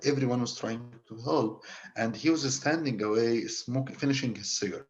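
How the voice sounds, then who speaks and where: A man with an Egyptian Arabic accent tells a story in English, casual and halting, looping back over his words as he goes. His voice sits at an ordinary middle pitch. The audio is a bit dull and lo-fi. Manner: hesitant, repeats and restarts words. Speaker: panel guest writer.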